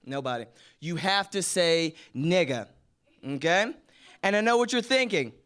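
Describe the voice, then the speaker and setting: A young male comic works a live studio stage, and his voice is fairly high and smooth. He keeps a chatty, casual flow and drops into slangy impressions of his friends. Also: animated, unhurried, fairly bright tone. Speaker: stand-up comedian. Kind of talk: stand-up comedy set.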